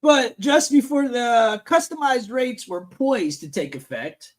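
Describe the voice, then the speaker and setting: A man's voice: extremely high pitch, expressive, a little slow. A man hosting a live stream panel, reading and ranting about the news in a crude, profane, brash way.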